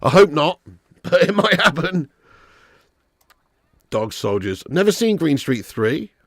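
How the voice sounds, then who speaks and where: A man hosting a live football watch-along, chatting casually and reading viewer comments. He is animated, swears freely and laughs often. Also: fairly high pitch, slow pace, dry recording, studio quality.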